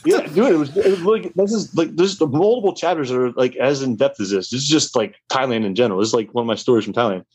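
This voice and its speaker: A man's voice: mid-range voice, animated, fast, hardly any pauses, darkish tone, husky. A young man telling a wild story in a casual, rambling way, full of fillers.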